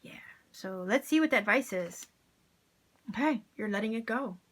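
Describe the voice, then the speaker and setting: A woman's voice: medium pitch, animated, moderate pace. A woman giving a casual tarot reading to her viewers, enthusiastic and encouraging, with plenty of slang. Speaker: tarot reader.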